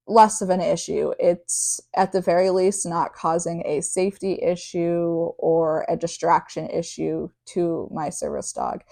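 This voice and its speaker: A young woman with a somewhat low voice talks casually to the camera. She is candid and chatty, full of fillers and side remarks as she speaks to her viewers. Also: gravelly, darkish tone. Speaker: vlogger and service dog handler.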